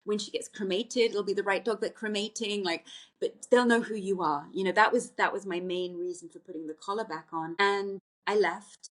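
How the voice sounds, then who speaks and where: A woman speaks as a podcast guest, telling a personal story with earnest reflection. She often halts and restarts mid-sentence, searching for words, and her voice sits in an ordinary middle pitch. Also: steady tone, moderate pace.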